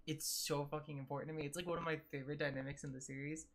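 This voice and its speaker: A woman's voice: sits low, flat delivery, fast. A young woman streaming a video game live, reacting emotionally with gushing commentary and lots of swearing.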